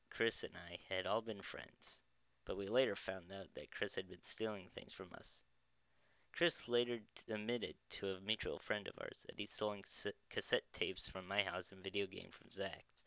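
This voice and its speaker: Guy reading his own story, amused, clear bright voice, dry sound. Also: lowish voice, dry recording, poor audio. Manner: amused, with slips and chuckles. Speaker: narrator. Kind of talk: first-person story reading.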